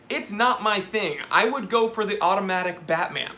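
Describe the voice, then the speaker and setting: A man's voice: sits high, animated, moderate pace, few pauses, bright, forceful tone, slight background noise. A young man hosting a live watch Q&A stream, reading viewer questions and giving candid, joking opinions.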